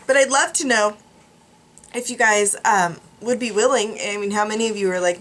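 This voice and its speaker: A woman's voice: mid-range voice, normal speed, a bit bright. A drowsy woman vlogger rambling casually to her viewers, with many ums and restarts. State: tired, drowsy. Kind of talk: casual chat to camera. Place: home studio.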